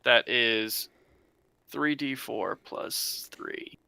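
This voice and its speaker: A man's voice: medium pitch, extremely slow, gravelly, sharp tone, clear, resonant tone, dry recording. A man playing in a tabletop game, who talks matter-of-factly and checks the rules. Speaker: player. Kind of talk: casual tabletop game play.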